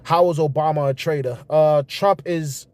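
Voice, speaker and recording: High-voiced man ranting on a livestream. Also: normal speed. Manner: animated, rambling, reacts to chat. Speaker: livestream host. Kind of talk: casual political livestream commentary.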